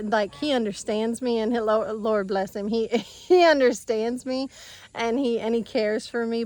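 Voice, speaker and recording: Woman vlogger, gushing and teary, mid-pitched voice, dry close sound, easy casual delivery. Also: no room sound. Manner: emotional, gushing, laughs often, halting restarts. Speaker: homesteading vlogger. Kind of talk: casual heartfelt monologue. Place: outdoors at a farm orchard.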